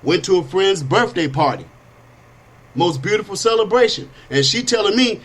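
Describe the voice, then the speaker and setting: In a casual storytelling monologue, a middle-aged talk show host with a Californian accent livens things up by performing sounds and quotes. He speaks at a moderate pace in a high register.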